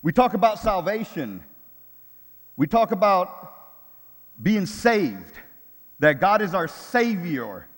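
An older man, a grandfather, preaching with a high-pitched voice. He talks loosely and restarts phrases as he goes. His sermon rings out with a long reverb from the hall around him. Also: big pitch swings, takes it slowly, pauses often. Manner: casual, repeats words while searching for phrasing. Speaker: pastor.

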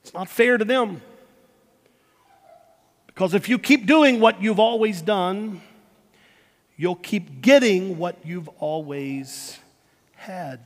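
A man preaching a sermon, emphatic, repeating words and swinging between loud and hushed. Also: high-pitched, slow pace, pauses often. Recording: long hall reverb.

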